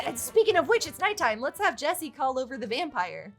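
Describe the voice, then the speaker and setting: A woman giving chatty, excitable let's play commentary on her game, swearing freely as she goes. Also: a little high, brisk, gravelly, hardly any pauses, soft background music. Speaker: gaming YouTuber.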